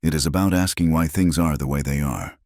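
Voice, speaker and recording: A man voicing a gruff, reticent rancher of few words in a low, terse way. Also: fairly quick, darkish tone, dry recording, studio quality.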